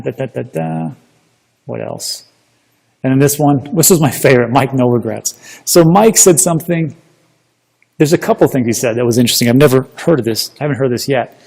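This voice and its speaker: A man giving a chatty, energetic recap of a seminar in casual commentary, often restarting his sentences. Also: medium pitch, fairly quick, gravelly. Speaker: crypto investing YouTuber. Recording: long reverb.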